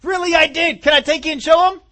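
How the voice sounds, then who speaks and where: A man's voice: extremely high pitch, steady tone, fast talker, pushed and bright, voice pushed up. A man voicing an eager, boastful young shepherd boy in a Bible lesson.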